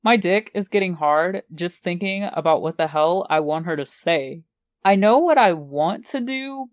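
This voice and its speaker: A woman narrating a teen romance story in the first person with a calm, measured reading. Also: on the low side, no room sound, clean studio sound. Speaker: audiobook reader.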